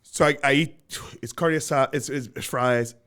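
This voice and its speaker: A male podcast host in casual chat, spinning a long story with swings between loud excitement and quiet mutters. His voice sits at an ordinary middle pitch. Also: normal speed, smooth.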